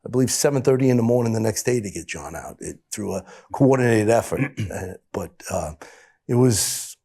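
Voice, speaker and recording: A middle-aged man with a fairly low voice speaks earnestly on a discussion panel. He often halts and restarts his sentences as he remembers a rescue. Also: expressive, dark tone, husky. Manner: earnest, halting, with many restarts. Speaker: rescue police officer, panelist.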